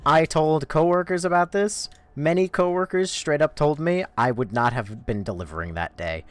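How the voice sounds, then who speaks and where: A man's voice: a little high, moderate pace. A young man streaming a game, telling a rambling story in casual chat, self-mocking, swearing and laughing between lines.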